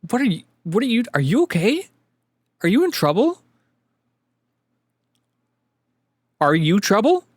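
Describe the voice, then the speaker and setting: A man's voice: high-pitched, very animated, brisk, husky, no echo, voice pushed up, exaggerated voice. A man voicing a laid-back stoner woman who swears casually in a drawling, slangy way. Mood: startled.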